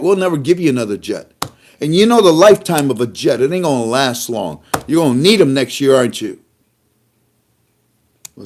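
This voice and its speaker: A man giving casual spoken commentary in a mocking, animated way, laughing between remarks and acting out little back-and-forth exchanges. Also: mid-range voice. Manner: animated, mocking, acts out dialogues. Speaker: online commentator.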